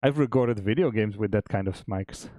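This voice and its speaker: A man co-hosting a stream, chatting casually about making a game, relaxed and chuckling, often restarting his sentences. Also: lowish voice, normal speed, dry recording, studio quality. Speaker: game developer and stream co-host.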